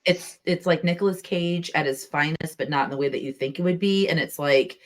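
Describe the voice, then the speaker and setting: A woman with a low-pitched voice hosts a casual podcast chat. She talks eagerly, filling her sentences with "like" and bursting into quick laughs. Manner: enthusiastic, chatty, with frequent "like" and laughs. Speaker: podcast host.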